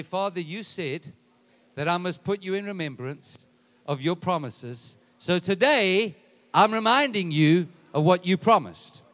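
Pastor guy preaching, kinda high voice, leads the crowd in call-and-response, gets loud and drawn out. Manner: leads congregation in call-and-response declarations, slowing and rising to shouts. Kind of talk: sermon.

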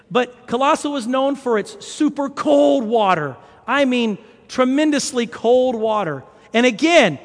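A man preaching a conversational sermon, an animated storyteller who makes chatty asides to the congregation. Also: extremely high pitch. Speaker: pastor. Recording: long hall reverb.

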